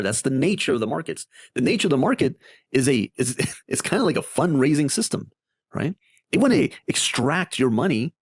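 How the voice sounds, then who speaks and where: A man explains his investing strategy on a screen-share in a lively, chatty way. His pitch swings widely as he talks, and the recording is dry and close, with no room sound. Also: slightly rough, dry recording. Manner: animated and conversational, with many tag questions. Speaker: crypto investing video host.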